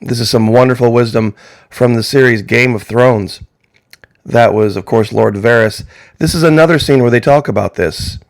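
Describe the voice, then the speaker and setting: A male commentator with a gravelly, fry-laden voice, recorded dry and close with no room sound. He delivers an opinion monologue, pressing his listeners with emphatic rhetorical questions. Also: mid-range voice, normal speed, dry recording. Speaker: political commentator.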